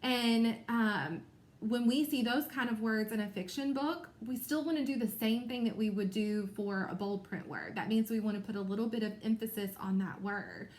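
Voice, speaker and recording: A woman teacher giving a recorded reading lesson to young children, explaining clearly and encouragingly. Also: on the high side, moderate pace, roomy sound.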